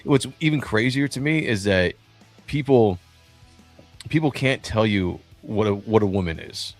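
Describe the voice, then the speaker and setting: A livestream host in his forties chats casually over a remote call from a streaming studio, rambling with many fillers and restarts. His fairly low voice has lively intonation and a measured pace, with faint music in the background.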